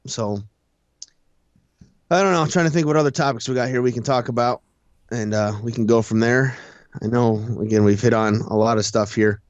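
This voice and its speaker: A man's voice: mid-range voice, brisk, long pauses, clean tone, no room sound, muffled recording. A tired man co-hosting a casual racing chat show, rambling and laughing at himself. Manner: rambling, self-deprecating, laughs often. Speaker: co-host, race announcer.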